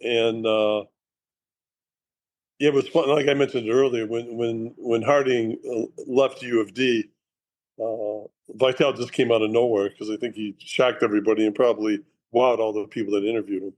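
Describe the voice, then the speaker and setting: An older man, a former college basketball player, reminiscing on a call in a relaxed way with fillers. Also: medium pitch, normal speed. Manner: relaxed, uses fillers, thinks aloud. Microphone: remote call.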